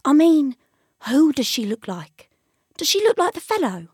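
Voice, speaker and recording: A woman's voice: extremely high pitch, very animated, fairly quick, dry recording, studio quality, voice pushed up. A woman voicing another woman who probes with knowing, insinuating questions in a read-aloud novel. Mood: prying. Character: curious, knowing woman pressing for gossip.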